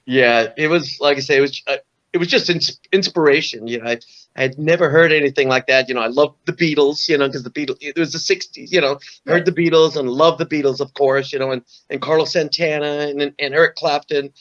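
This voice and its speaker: A man's voice: a little high, steady tone, fairly quick, fairly bright tone. Rambling older man, lo-fi sound. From Orange County, California. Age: 60s. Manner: rambling anecdotal, frequent "you know" and repeats. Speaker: guest musician. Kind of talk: casual storytelling interview.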